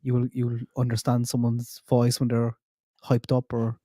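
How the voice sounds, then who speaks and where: A man co-hosting a casual livestream, easygoing and quick to laugh. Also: medium pitch, monotone, dark tone, no echo, clean studio sound. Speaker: co-host.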